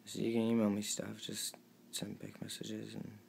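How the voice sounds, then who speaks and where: A young man with a very deep voice and a gravelly rasp reads his text messages aloud. He sounds emotional and pleading, and his voice drops low and quiet at times. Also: completely flat delivery, moderate pace, noisy background. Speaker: vlogger. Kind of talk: reading out text messages to camera.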